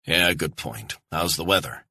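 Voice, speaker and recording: A man's voice: extremely low pitch, measured pace, sharp tone, breathy edge, no echo, exaggerated voice. Man playing a laconic American operative. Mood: guarded. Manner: terse, understated replies. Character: wary American male operative, laconic, calm.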